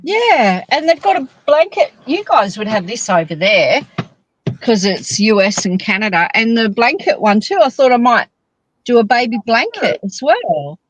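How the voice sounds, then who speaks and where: A woman's voice: fairly high pitch, very animated, moderate pace, dry recording, rough recording. A woman co-hosting a casual knitting chat, joking and teasing, talking from a parked car. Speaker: podcast co-host.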